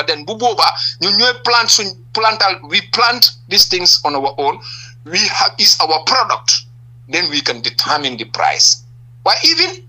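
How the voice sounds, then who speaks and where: A man's voice: high-pitched, pushed and bright, rough recording. A man with a Gambian accent, a political party leader giving impassioned answers in a radio interview, stressing point after point and firing rhetorical questions.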